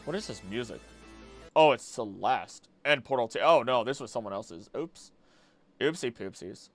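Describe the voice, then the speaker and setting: A man streaming casually, skimming text aloud quickly with mumbled filler and breaking into loud, heated rants. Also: medium pitch, animated, soft background music. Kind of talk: casual live-stream chat, reading aloud.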